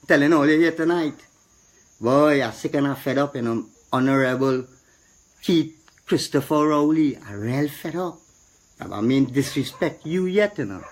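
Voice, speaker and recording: A middle-aged man with a Trinidadian accent, complaining with indignation and repeating himself, rising to a preacherly tone. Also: high voice. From Trinidad and Tobago. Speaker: citizen speaking out. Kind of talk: impassioned street complaint.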